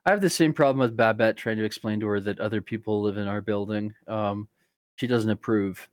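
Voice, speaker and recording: A man playing a tabletop game, talking casually and excitably, with lots of fillers and swearing. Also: fairly low pitch, fairly quick, no room sound, clean studio sound. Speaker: player.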